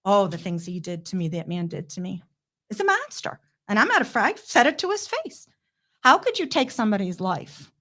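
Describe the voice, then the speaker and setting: A middle-aged woman, a guest, telling her story in an impassioned, blunt way with quick asides. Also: mid-range voice, a bit bright. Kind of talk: emotional interview storytelling.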